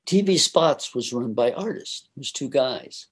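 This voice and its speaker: An older man recounts a story from his working life at an unhurried pace. He slips into the voices of the people in it and laughs along the way. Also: mid-range voice, husky. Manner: animated anecdote-telling, acts out voices and laughs often. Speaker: interviewee recalling his career. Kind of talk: casual storytelling.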